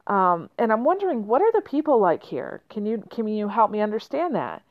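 A woman's voice: mid-range voice, sing-song, fairly quick, no room sound, natural voice. An earnest young traveler speaks with his hand on his heart about the kind people back home, as a woman tells the tale. The recording is dry and a touch dull. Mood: heartfelt. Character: warm, grateful young male traveler. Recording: slightly muffled lo-fi.

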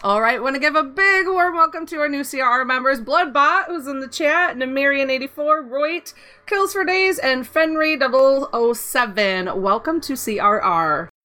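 A woman hosts a casual podcast in an upbeat, giggly way. Her voice is bright and forward, pitched somewhat high. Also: animated, normal speed. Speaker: podcast host.

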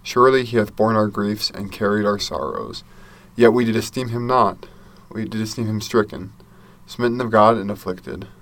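A man giving a devotional talk and reading scripture aloud in a measured, earnest, reverent manner. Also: on the low side, fairly bright tone. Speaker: church speaker.

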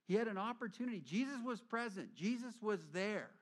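A middle-aged man preaching a sermon as a pastor, telling stories lively and acting out quoted voices. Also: high voice, a little fast.

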